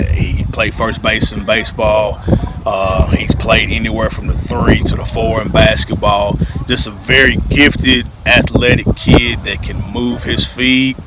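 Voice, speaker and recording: A man, a high school football coach, answering interview questions outdoors in a plain, matter-of-fact way with many fillers. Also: very noisy.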